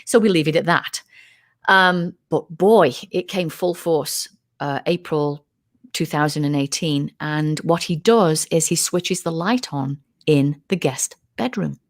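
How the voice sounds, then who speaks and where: Animated woman telling a story. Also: low-pitched, measured pace. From United Kingdom. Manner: animated, acts out quoted voices. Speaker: guest, UFO researcher. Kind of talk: casual interview storytelling.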